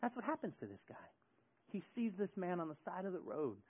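A man preaching a sermon, moving from hushed storytelling to loud, emphatic preaching, with joking asides. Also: high-pitched, big pitch swings, fairly quick, highs cut off. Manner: joking, self-deprecating asides. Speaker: pastor.

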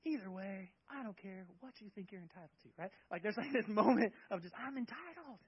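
A man's voice: sits high, fairly quick, lo-fi sound. A male pastor preaching a sermon in an emphatic, conversational way, with many rhetorical questions.

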